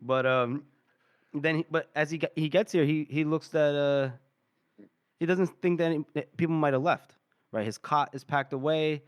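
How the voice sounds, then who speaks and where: A man's voice: a little high, fairly even intonation, normal speed, clear, resonant tone, dry recording. A man hosting a podcast, loosely retelling a chapter with fillers and laughs. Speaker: podcast host. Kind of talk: casual chapter recap.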